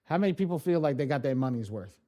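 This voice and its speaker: A man runs a live training class and drifts into loose, animated stories. His voice sits at an ordinary middle pitch. He swears freely and keeps breaking off his sentences to start them again. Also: fast talker. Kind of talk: casual live-stream storytelling.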